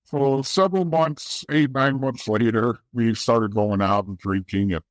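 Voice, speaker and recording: An East Coast American man, a guest in an interview, tells his story candidly, bluntly, and with profanity, often restarting his sentences. His mid-range voice is unhurried, and the recording is dry.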